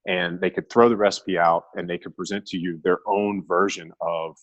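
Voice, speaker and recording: A man speaking as a guest in a casual conversation, telling his experience in a relaxed way full of "you know" and "like". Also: sits low, moderate pace, no echo, highs cut off. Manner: relaxed, filler-heavy storytelling.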